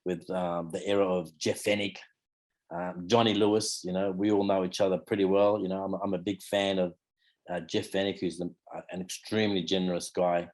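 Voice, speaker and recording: A man's voice: sits low, flat delivery, fairly quick. An Australian man in his fifties, a martial arts teacher talking casually in an interview, rambling and leaning on fillers like "you know" and "mate". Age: 50s.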